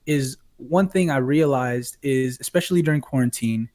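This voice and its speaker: A man's voice: medium pitch, moderate pace, a little mellow. A man who is a pastor and streamer, a guest on a casual podcast, explaining his views through an example story.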